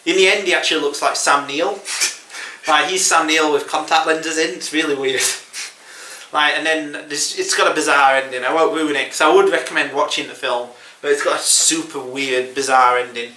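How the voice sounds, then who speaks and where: Film podcast host, male, slightly high, rambling chatty delivery with frequent chuckles. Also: steady tone, moderate pace, pushed and bright, roomy sound, recorded from a distance. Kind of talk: casual chat.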